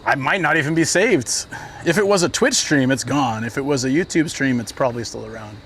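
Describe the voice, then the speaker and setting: A man with a mid-range, somewhat bright voice talks briskly as he livestreams on a walk through city streets. He rambles through his stories, dropping in plenty of fillers, while traffic and urban noise fill the background.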